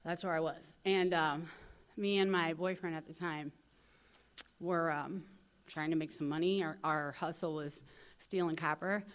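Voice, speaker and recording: A woman from St. Louis speaking at a recovery convention. She talks casually, fills her speech with "you know," and acts out other people's lines in lively voices. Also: sits low, a little slow, clean tone. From St. Louis, USA. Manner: casual storytelling, heavy on "you know" fillers. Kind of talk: personal recovery talk. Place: convention hall.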